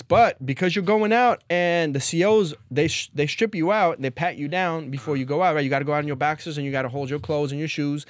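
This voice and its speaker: A man telling stories as a podcast guest in casual chat, animated, acting out quoted lines with big jumps in pitch. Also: quick pace, few pauses, no echo, studio quality. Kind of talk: casual storytelling.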